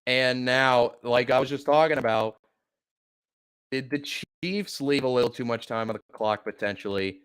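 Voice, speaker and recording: A man hosting a live fan play-by-play stream, calling the game casually and swearing freely, with big jumps in excitement. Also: mid-range voice, normal speed, smooth. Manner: excitable, profane, shouting when upset. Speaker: sports podcast host.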